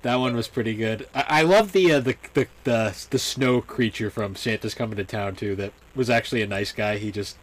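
Relaxed, rambling young man podcaster. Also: on the low side, a little fast, few pauses. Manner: relaxed, rambling, with fillers and restarts. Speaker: podcast co-host. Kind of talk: casual chat.

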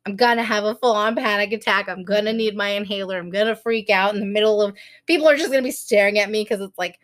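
This woman talks fast in a mid-range, slightly bright voice as she co-hosts a podcast. In her thirties, she tells a story through casual chat, laughing a lot and acting out quotes.

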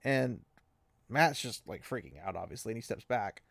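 A man hosting a casual podcast, recapping a book with animated energy and frequent laughs, close to the mic. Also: fairly low pitch, normal speed, vocal fry, slightly rough, no echo. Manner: animated, laughing often, playful. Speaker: podcast host.

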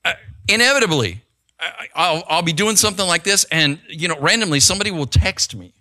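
A man's voice: sits high, animated, brisk, bright, forceful tone. An older man, a pastor, preaching a sermon in a conversational way and checking in with the congregation as he goes.

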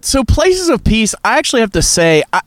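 A man's voice: very high-pitched, very animated, brisk. A man hosting a casual chat by a cold outdoor campfire, jokey and laughing easily. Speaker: podcast host and pastor.

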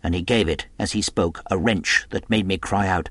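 A man narrating a classic adventure novel as an audiobook in a measured storytelling delivery. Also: sits low, fairly even intonation, a bit bright, no room sound.

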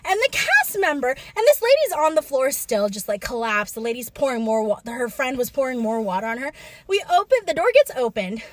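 A woman's voice: high-pitched, big pitch swings, brisk, no room sound. A young woman telling a story in casual chat, acting out quotes with many fillers.

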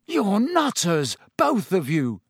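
Man reading a shaky, stubborn teen boy, raised pitch, slow delivery. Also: sing-song, slightly rough, no echo, studio quality, heavily acted. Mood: panicky. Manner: shaky, yelling. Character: panicky teenage boy, stubborn.

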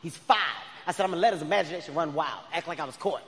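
A man in his thirties performing a stand-up comedy set, telling stories with loud animated outbursts. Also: fairly high pitch, racing, a little hiss or hum. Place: large arena stage. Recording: live arena with long reverb.

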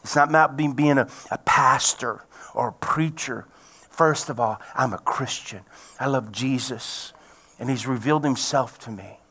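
An older man, a pastor preaching a sermon and telling his own testimony, dropping to hushed near-whispers and rising to loud cries. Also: mid-range voice, normal speed, husky.

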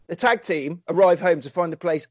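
A man retelling a story in a casual comic way, excitable, laughing and swearing freely. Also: fairly high pitch, normal speed, dull audio.

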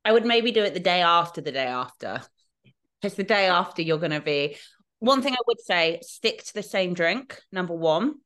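A woman's voice: lowish voice, lively intonation, normal speed, fairly bright tone. A woman co-hosting a podcast in casual chat, laughing often and swearing freely. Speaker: podcast co-host.

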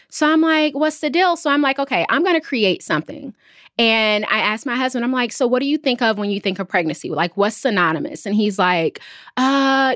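A woman in her thirties, a business founder, telling her story in an interview, lively and quick to lift her voice when quoting others. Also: no echo, clean studio sound. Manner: animated, jumps up in pitch when quoting others. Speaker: entrepreneur guest.

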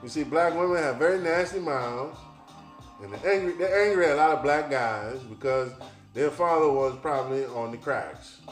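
A man's voice: a little high, normal speed, close to an everyday voice. A man doing a mocking impression of a preachy older male talk-show scold who lectures people. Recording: roomy echo, faint music.

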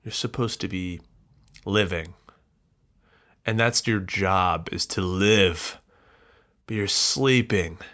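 A man alone on his podcast, turning a bitter, rambling rant on himself. His voice sits a little low, and he drags his words out slowly, swearing as he goes. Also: a bit bright. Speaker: podcast host. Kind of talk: solo podcast monologue.

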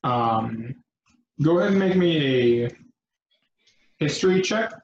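A man running a tabletop game as game master, narrating in a relaxed way with frequent pauses and ums. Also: a little high, creaky, slight background noise. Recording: echoey, dull lo-fi room.

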